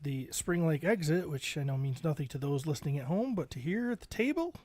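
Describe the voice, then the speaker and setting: Guy in his 40s telling a story on a podcast, kinda high voice, dry close mic. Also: fairly quick, no echo. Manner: animated storyteller, acts out quoted voices, laughs often. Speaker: podcast co-host. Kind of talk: casual storytelling among friends.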